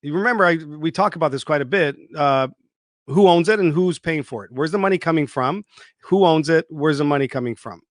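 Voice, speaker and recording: A man's voice: a little high, a little fast, no echo, studio quality. A man hosting an unscripted livestream monologue, emphatic and repetitive, swearing freely. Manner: emphatic, repetitive, swears freely, mocks people in put-on voices. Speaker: online show host.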